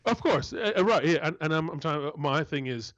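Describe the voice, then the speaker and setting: A man's voice: a little high, moderate pace, no room sound. Fired-up man on a dry, dull line. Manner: animated, swearing, repeats words when worked up. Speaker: guest analyst. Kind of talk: heated podcast chat.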